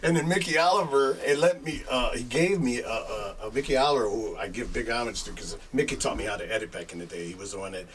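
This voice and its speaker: A man's voice: medium pitch, quick pace, few pauses, fairly bright tone. A middle-aged man spins loose, rambling stories, chuckling and tossing in asides as he goes. His voice sits in an ordinary middle register. He sounds a little far from the mic, with a faint hiss behind him. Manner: rambling, laughing storyteller full of filler asides. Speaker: guest DJ. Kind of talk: casual storytelling. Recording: distant mic with faint background noise.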